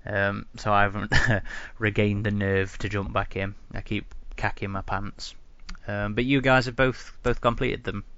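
A man's voice: on the low side, little pitch movement, unhurried, few pauses, fairly bright tone, clear, resonant tone, no echo, highs cut off. A man hosting a casual podcast chat, hesitant with many ums and restarts. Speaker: podcast host.

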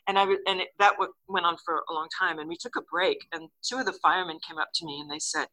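An older woman, an actress and interview guest, telling a story in a casual, lively way and acting out the lines she quotes. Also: quick pace, low-quality recording. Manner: lively, acts out quotes with big pitch jumps.

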